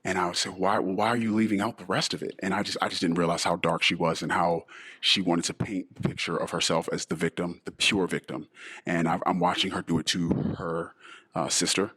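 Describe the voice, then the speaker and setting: A middle-aged man hosting a personal monologue podcast in a deliberately disguised voice, talking in an emotional, halting way with sighs. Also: low voice, flat delivery, bright, forceful tone, slightly rough. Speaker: podcast host.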